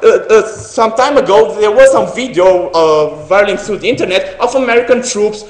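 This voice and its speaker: A young man from Romania delivers a competitive debate speech in English, his second language. His voice sits high, and he talks earnestly but haltingly, full of fillers and self-corrections. The sound rings around a large, echoing hall. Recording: echoey hall.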